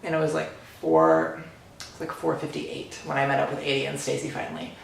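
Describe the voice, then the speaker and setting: A man vlogging an excited personal story, animated and dramatic, full of "like" and "literally.". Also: medium pitch, fairly quick, vocal fry, slight background noise. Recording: echoey room.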